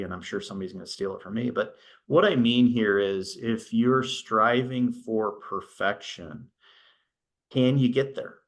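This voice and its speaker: A man's voice: lowish voice, a bit bright. A middle-aged man giving a casual talk at a virtual business workshop, telling stories and often checking in with "right?". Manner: conversational, storytelling, often adds "right?". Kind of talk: casual presentation on a video call. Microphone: video call.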